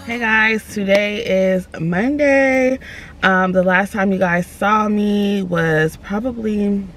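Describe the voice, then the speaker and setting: A woman's voice: mid-range voice, a bit bright, faint music behind. Upbeat chatty woman vlogger. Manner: upbeat, chatty, uses slang like "giving vibes"; talking fast. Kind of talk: casual vlog chat to camera.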